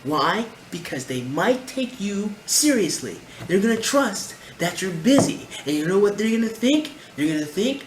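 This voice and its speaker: A man's voice: sits high, big pitch swings, normal speed, hardly any pauses. A man giving reaction commentary in an emphatic, lecturing way, repeating his points. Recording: roomy echo, faint background noise.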